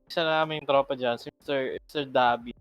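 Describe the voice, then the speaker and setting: Dry-miked joking Filipino co-caster. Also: male voice, mid-range voice, steady tone, quick pace, fairly bright tone, clean tone, dry recording, soft background music, rough recording. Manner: joking banter in Taglish. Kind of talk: casual stream chat.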